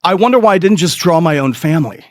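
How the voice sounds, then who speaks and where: A man's voice: fairly high pitch, quick pace, no echo. Profane rambling male comedian, dry sound. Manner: profane, rambling, animated asides. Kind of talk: stand-up storytelling.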